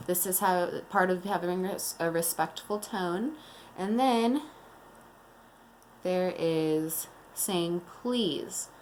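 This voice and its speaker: A woman teacher leading a morning meeting lesson, explaining slowly and calmly to young children. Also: lowish voice, a little hiss or hum. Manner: slow, calm and deliberate, explaining to young children.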